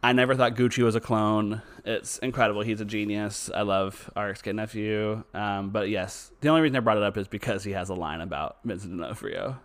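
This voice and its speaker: A man's voice: on the low side, fairly even intonation, brisk, hardly any pauses. A man co-hosting a podcast in casual chat, swearing freely and trailing off mid-thought. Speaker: podcast co-host.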